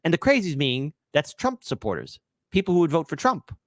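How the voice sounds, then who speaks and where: Brief: sarcastic political livestream host, man, very animated pitch, dry close sound. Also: fairly quick, dry recording. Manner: sarcastic, ranting, mocking; swings from shouting to hushed mock-whisper.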